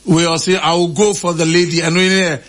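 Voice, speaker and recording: Male radio host, high voice, casual chat, reads out listener comments and laughs a lot. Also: level tone, fairly quick, a bit bright. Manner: reads out names and quotes, laughing often.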